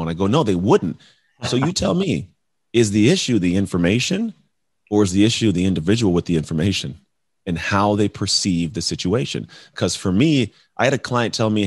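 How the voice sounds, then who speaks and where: A man's voice: fairly low pitch, expressive, a little fast, husky, no room sound, studio quality. A man who works as a coach and speaker, talking emphatically as a guest and acting out conversations with his clients. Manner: emphatic, acts out client dialogues, calls people bro. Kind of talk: energetic motivational talk.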